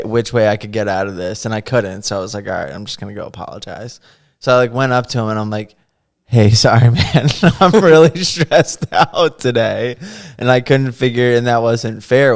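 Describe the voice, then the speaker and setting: A young man telling a funny story on a podcast in casual chat, animated and often laughing as he acts out the quotes. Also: mid-range voice, gravelly.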